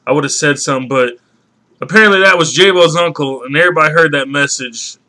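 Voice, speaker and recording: A man's voice: on the high side, fast talker, pushed and bright. A man hosting a vlog, talking to viewers in a brash, profane, casual way. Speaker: vlog host.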